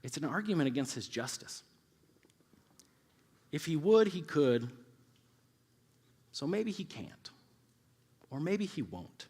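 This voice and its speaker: A youth pastor in his thirties delivers a casual, conversational sermon, acting out quoted voices along the way. His voice is a little high, husky and darkish, with a sing-song lilt, a slow pace, and long pauses, all echoing in a live hall.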